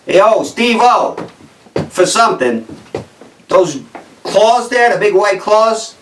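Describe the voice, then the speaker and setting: A man putting on a brash Jersey guy who needles his friend with blunt, drawn-out insults, his pitch climbing higher than usual. The voice carries across an echoey room from a distance. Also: expressive, slight background noise. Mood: needling. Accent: New Jersey. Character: brash, insulting male East Coast buddy.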